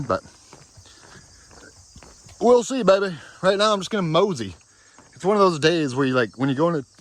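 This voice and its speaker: A man filming himself while hiking on a forest trail, giving an upbeat, chatty casual vlog update and often tossing in "baby". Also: a little high. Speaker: thru-hiker vlogger. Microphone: handheld camera, selfie.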